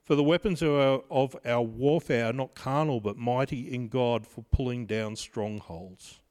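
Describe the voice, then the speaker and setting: A pastor in his fifties preaching a sermon in a measured way, mixing scripture with personal stories. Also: mid-range voice, darkish tone. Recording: long reverb of a large hall.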